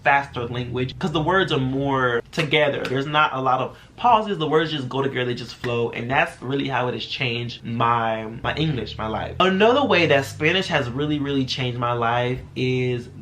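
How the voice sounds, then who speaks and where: A young man from Texas, talking fast in a casual vlog and switching freely between languages. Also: medium pitch, a bit bright, a little hiss or hum. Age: young adult. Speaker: vlogger.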